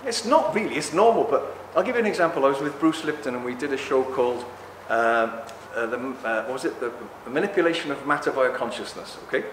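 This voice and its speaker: A middle-aged man giving an impassioned talk to a live audience, excitable and ranting, acting out other people's voices as he goes. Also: mid-range voice, fast, hardly any pauses, slight background noise. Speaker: speaker at a talk. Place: indoor talk venue. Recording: echoey hall with faint ambience.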